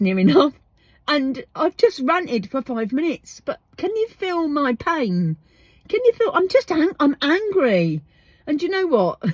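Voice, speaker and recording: A woman's voice: high voice, no room sound. An exasperated woman rants on her podcast, her voice swinging widely up and down. She swears freely and keeps firing off questions. The sound is close and dry, recorded inside a parked van. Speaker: podcast host. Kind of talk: casual ranting monologue.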